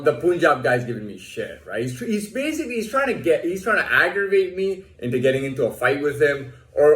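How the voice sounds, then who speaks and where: A man tells his story in a rambling, foul-mouthed rant, stumbling over restarts. His pitch swings widely and sits a little high. The sound bounces around an echoey room. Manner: profane, rambling, many restarts, acts out quotes in a higher voice. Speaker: vlogger telling a personal story. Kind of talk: casual rant.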